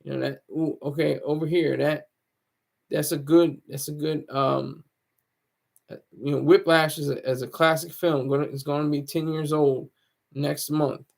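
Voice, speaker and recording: A man with a raised, gravelly voice talks loosely to his viewers. He rambles and jokes at his own expense, with plenty of false starts as he circles his point. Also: a little high, little pitch movement, moderate pace. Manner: rambling, self-mocking, many restarts. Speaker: YouTuber. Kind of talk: casual rambling monologue.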